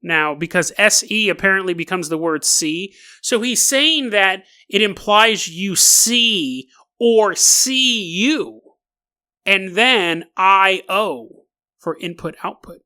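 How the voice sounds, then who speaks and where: A man hosting a comedic podcast monologue, talking in an animated, mocking way and laughing often as he reads. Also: high voice, takes it slowly. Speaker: podcast host.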